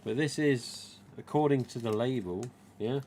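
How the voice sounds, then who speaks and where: Slightly slow and a little mellow, his mid-range voice comes through with some mild background noise. The East Midlands host keeps his live stream casual and chatty, drifting through stories about mask collecting and repeating dialogue.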